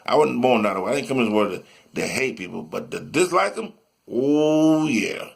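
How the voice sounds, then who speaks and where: A man's voice: lowish voice, creaky, fairly bright tone, slightly rough. A man giving a rambling motivational monologue, repeating himself and sometimes breaking into sing-song chanting.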